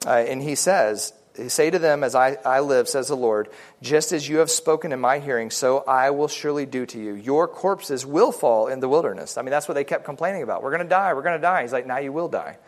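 A man's voice: mid-range voice, brisk. Man teaching a casual Bible study. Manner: conversational, with frequent fillers and restarts, reading scripture aloud.

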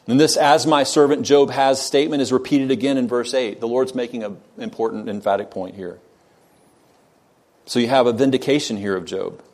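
A man's voice: medium pitch, a little mellow. A man preaching an expository sermon, earnest and emphatic, who puts rhetorical questions to his listeners. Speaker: pastor.

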